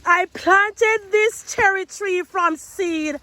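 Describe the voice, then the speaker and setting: A woman with a high voice hosts a casual gardening vlog from outdoors. She talks chattily to her viewers, calling them guys and y'all. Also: slow, bright, forceful tone, no echo, poor audio. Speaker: gardening channel host.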